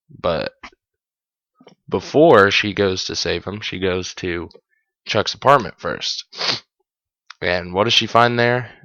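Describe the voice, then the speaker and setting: Low-voiced man recapping a show. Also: creaky, pushed and bright, dry recording. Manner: chatty, amused, corrects himself mid-sentence. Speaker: podcast host. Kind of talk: casual episode recap. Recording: dull, dry lo-fi sound.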